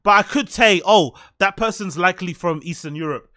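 A man's voice: high-pitched, fairly quick, bright, forceful tone. A man with a London accent giving blunt, sarcastic reaction commentary. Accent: London English. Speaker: commentary streamer.

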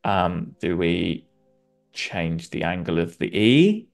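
A man's voice: low voice, big pitch swings, slow pace, vocal fry, soft background music. A man from southwest England with a West Country accent, a designer and comedian chatting playfully and self-mockingly while demonstrating design on a live stream. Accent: West Country English.

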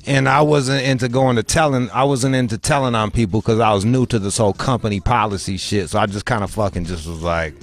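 A man's voice: on the low side, steady tone, brisk, hardly any pauses, faint music behind. Rambling, profane male podcast host. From Michigan. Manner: rambling, profane, restarts a lot. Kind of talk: casual profane banter.

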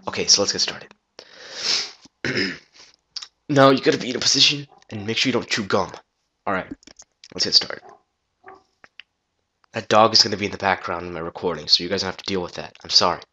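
Guy rambling thru a quick software tutorial on his gaming headset, kinda low voice, sharp tone, muffled lo-fi audio. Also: slight background noise. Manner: rambling, loose, swears and restarts. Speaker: tutorial maker. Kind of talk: casual screen-recorded software tutorial.

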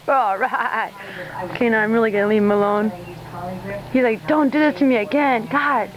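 A woman's voice: fairly high pitch, unhurried, pauses often, crowd noise, poor audio. A woman filming a casual vlog in a hotel room, talking in a cooing, doting way to her cat and laughing often. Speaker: vlogger and cat owner. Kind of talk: casual home-video vlog.

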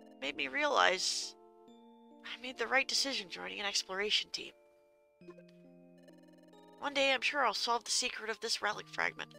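A woman voicing an eager young creature adventurer from a game, earnest and excitable, reading its lines aloud softly. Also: sits high, gravelly, exaggerated voice.

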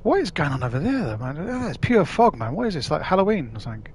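A man's voice: fairly high pitch, very animated, fast talker, darkish tone, slight background noise. A man chatting casually to his live-stream audience as he plays, rambling, swearing and using slang. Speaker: gaming streamer.

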